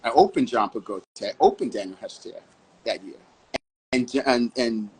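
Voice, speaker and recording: A man from Harlem, New York, telling stories as a fashion model guest in an interview, animated and full of vivid asides. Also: mid-range voice, normal speed, husky, poor audio. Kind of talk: storytelling interview answers.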